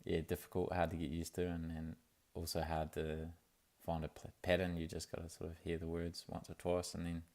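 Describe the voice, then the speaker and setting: This is a young man, chatting to camera in a casual video diary. His voice sits very low and gravelly, with little rise and fall, and he rambles along easily with plenty of fillers. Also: completely flat delivery, fairly quick, hardly any pauses, darkish tone. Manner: laid-back and rambling, with many fillers and restarts. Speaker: vlogger.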